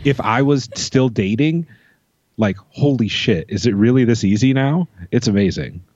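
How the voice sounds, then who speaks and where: A man's voice: mid-range voice, moderate pace, darkish tone, no echo, muffled recording. A man co-hosting a podcast in casual chat, sarcastic and swearing freely. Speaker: podcast co-host.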